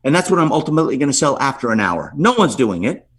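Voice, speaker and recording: A middle-aged man, a podcast guest, telling a story with lively swings in pitch and frequent "right?" asides. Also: fast, slightly rough.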